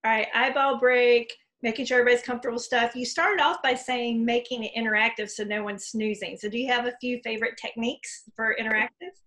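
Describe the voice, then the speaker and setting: A woman's voice: a little high, steady tone, quick pace, hardly any pauses, a bit bright. A woman hosting a casual interview over a video call, chatty and encouraging, laughing easily as she asks about training. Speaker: host.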